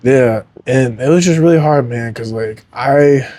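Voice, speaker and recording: A young man, an MMA fighter guesting on a podcast, speaks candidly and earnestly in an emotional interview. His mid-range voice is warm and unhurried, and he rambles, leaning heavily on "like" and "man."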